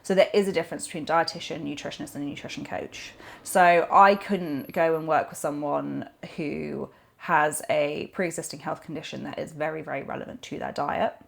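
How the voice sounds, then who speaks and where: A woman talks as a guest on a podcast, animated and chatty, full of fillers and self-corrections. Her voice sits fairly low, with a gravelly, creaky texture. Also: normal speed. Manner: animated, rambling with many fillers. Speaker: nutrition coach, podcast guest. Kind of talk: conversational podcast interview.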